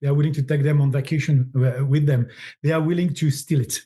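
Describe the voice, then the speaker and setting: This fast-talking, middle-aged French-accented man has a fairly high, mellow voice with fairly even intonation. As a podcast guest and agency founder, he speaks animatedly, frequently repeating words as he hunts for the right phrasing.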